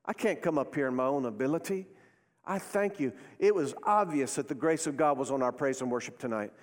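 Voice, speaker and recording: A man's voice: mid-range voice, a little fast, big-room sound. A male pastor preaching a sermon, leading his congregation in call-and-response with rising, emphatic phrases. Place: church sanctuary.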